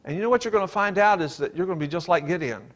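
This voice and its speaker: A man's voice: high-pitched, rapid-fire. A man preaching a sermon, reading scripture aloud and explaining it in an earnest, emphatic way. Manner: reads King James verses aloud and explains them.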